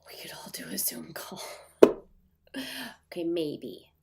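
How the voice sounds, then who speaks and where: Whispering from her home desk, a Midwestern-accented woman chats with her livestream viewers in a rambling, filler-heavy way. Her lowish voice is warm, animated and slow-paced, though nasal and stuffy because of a runny nose.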